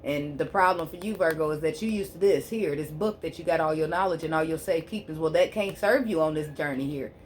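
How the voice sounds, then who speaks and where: A woman giving a tarot reading on her channel, preaching fervently to her listeners and softly repeating prayerful invocations as she draws cards. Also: deep voice, fast talker, few pauses, slight background noise. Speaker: spiritual healer and tarot reader.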